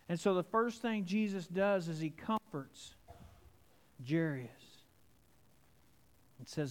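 A man preaching a sermon, swinging between hushed and emphatic delivery. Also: sits high, animated, slow, pauses often. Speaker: pastor. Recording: long hall reverb.

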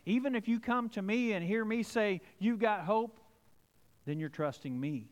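A pastor delivers a sermon in a somewhat high voice. He moves between hushed, intimate passages and rising, emphatic ones. His voice rings out with a long reverb, as in a large hall. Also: normal speed, dull audio. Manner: dramatic, swings between soft and emphatic.

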